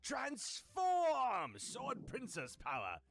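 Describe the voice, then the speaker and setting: A man's voice: very high voice, huge pitch swings, very slow, creaky, a bit bright, a little hiss or hum, voice pushed up, exaggerated voice. A man voicing a heroic magical girl sword princess who makes theatrical proclamations. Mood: grandiose.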